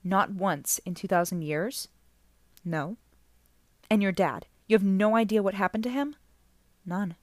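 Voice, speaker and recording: A woman's voice: mid-range voice, a little slow, pauses often, dry recording. A woman narrating an audiobook chapter, reading the dialogue without separate character voices.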